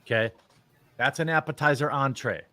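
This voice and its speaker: A man's voice: mid-range voice, normal speed, pushed and bright. A man giving casual commentary as a streamer, blunt and opinionated in a mock-serious way.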